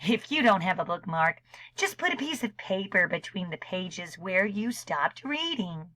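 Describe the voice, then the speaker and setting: A woman librarian reads a picture book aloud at a slow, careful pace, middle-pitched and expressive. She slips into gentle whispers for quiet moments. The sound is dry and close, with no room around it. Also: no room sound, poor audio. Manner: slow, expressive reading with soft whispered asides. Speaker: children's librarian. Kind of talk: storybook read-aloud.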